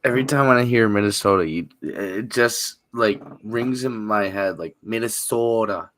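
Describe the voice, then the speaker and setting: A man co-hosting a podcast in casual chat, relaxed and giving brief reactions. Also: lowish voice, a little slow, a little hiss or hum. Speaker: podcast co-host.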